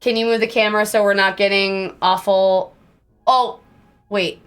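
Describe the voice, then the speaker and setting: A young woman streaming live, chatting casually with viewers in a bubbly, self-deprecating way and breaking into squeaky exclamations. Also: little pitch movement, normal speed, clean tone.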